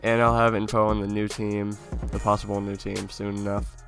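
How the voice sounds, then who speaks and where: A young man with a lowish voice tells a childhood story in a loose, chatty vlog style. He laughs often and swears now and then. Faint music plays underneath. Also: a little fast, gravelly. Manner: laughing through an animated anecdote, casual swearing. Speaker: YouTuber.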